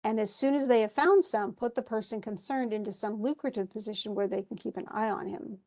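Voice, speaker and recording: A woman's voice: on the high side, fairly quick, warm tone, natural voice. A woman reading the lines of an unsentimental middle-aged male doctor from a play in a plain, lightly voiced manner. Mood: dry. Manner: plain read-through with little voicing.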